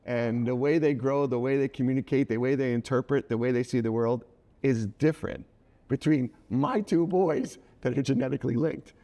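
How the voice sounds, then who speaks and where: A man's voice: mid-range voice, moderate pace. A middle-aged man telling a personal story in a casual interview, acting out the people he quotes. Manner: animated, acts out quoted voices. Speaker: guest, children's book author.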